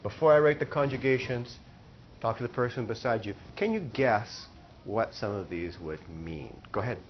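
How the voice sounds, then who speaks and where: A man teaching a Spanish class, explaining slowly and repeating phrases for the students. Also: medium pitch, dull audio, slight background noise. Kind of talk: classroom lesson.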